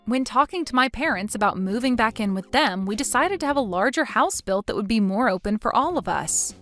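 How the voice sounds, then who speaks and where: A woman's voice: medium pitch, fairly bright tone. A woman reading a scripted text story aloud in a firm voice. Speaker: story narrator.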